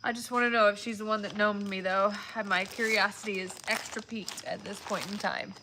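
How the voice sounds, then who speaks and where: A woman's voice: mid-range voice, fairly even intonation, a little fast. A woman chatting casually on a live stream while she opens gifts. She gets emotional and is often close to tears. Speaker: vlogger opening viewer gifts. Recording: loud background noise with crinkling.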